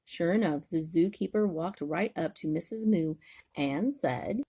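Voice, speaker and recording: An older woman, a grandmother, gently reading a bedtime story aloud in a soothing way. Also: lowish voice, a little slow, husky.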